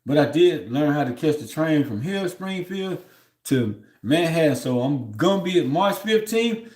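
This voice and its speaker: A man's voice: a little high, very animated, measured pace, darkish tone, roomy sound. A man on a livestream telling a long story in a loose, rambling way, often heated and aggrieved, with "you know what I'm saying" between his thoughts. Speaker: livestream host.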